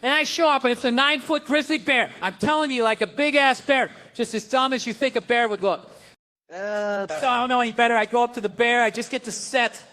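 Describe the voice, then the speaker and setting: Briskly delivering a wild story, a middle-aged stand-up comedian speaks with a notably high voice for a man. He curses, stays animated, and jumps into others' lines while playing them out.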